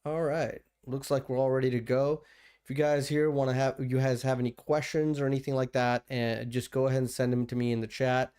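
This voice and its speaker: A man hosts his own livestream in a loose, rambling way, restarting sentences and filling gaps. His voice sits at an ordinary pitch and sounds smooth and clear. He speaks into a computer streaming setup. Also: little pitch movement, a little fast, darkish tone. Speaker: livestream host. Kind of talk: casual livestream commentary.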